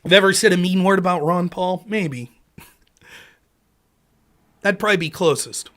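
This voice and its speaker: Man, high voice, forceful and bright, sarcastic angry political rant, swearing freely. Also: moderate pace. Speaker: political commentary host. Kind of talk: ranting political commentary.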